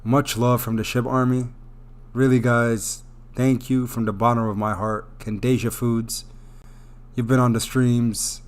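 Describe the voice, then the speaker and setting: A male livestream host reads out super chats and thanks each viewer again and again. His voice sits at an ordinary middle pitch. He sounds effusive and openly emotional. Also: flat delivery, unhurried, smooth. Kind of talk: live stream chat, reading super chats.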